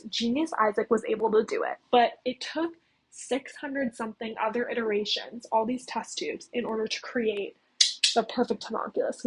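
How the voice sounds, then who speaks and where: A chatty young woman recaps a story in a loose, casual way, often adding "like" and "okay?" Her voice sits a little high and has a breathy, husky edge. She is recorded on a cheap mic. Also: poor audio. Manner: chatty, leans heavily on "like" and "okay?". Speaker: video creator recapping a game story.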